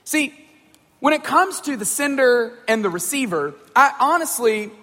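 A man with a high voice gives a casual talk to a group, stumbling over words and often checking in with his listeners. His voice carries a long hall reverb. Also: expressive, a little slow, pushed and bright. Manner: conversational, repeats words, checks in with "right?" and "okay?". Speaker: speaker addressing a group. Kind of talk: informal talk on communication.

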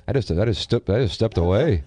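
Low-voiced man reading listener messages. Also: expressive, a little fast, dark tone. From Missouri. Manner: reads listener messages aloud. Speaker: radio host. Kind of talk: casual radio banter.

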